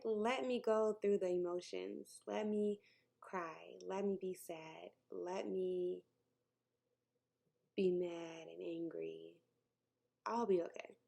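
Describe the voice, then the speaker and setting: A woman's voice: lowish voice, vocal fry, mellow. A woman, talking candidly and emotionally to camera in a personal vlog, sometimes dropping to a near-whisper and laughing between thoughts. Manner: laughs between thoughts, jokes about her news. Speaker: vlogger.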